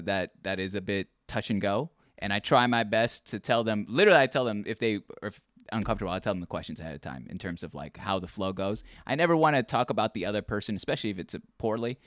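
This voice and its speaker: A man hosting a laid-back interview podcast, his pitch swinging widely as he talks in quick animated bursts and doubles back on his words. The sound is close and dry, with no room around it. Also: clean tone, no echo. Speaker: podcast host. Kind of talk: casual interview chat.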